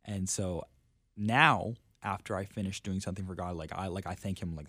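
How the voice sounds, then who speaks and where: A young man with a low, deep voice tells a personal story on a faith podcast. He is earnest and casual, peppering his speech with "like" and "literally". The recording is dry and close. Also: steady tone, moderate pace, fairly bright tone, no room sound. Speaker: guest, traveling preacher.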